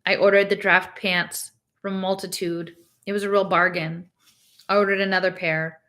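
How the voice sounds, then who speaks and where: A woman reading a novel aloud, narrating in the first person with a steady, plain delivery. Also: mid-range voice, moderate pace. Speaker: reader.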